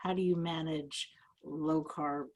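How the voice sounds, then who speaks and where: A woman's voice: deep voice, fairly even intonation, takes it slowly, darkish tone. A middle-aged woman moderating a video call, reading out questions in a casual way.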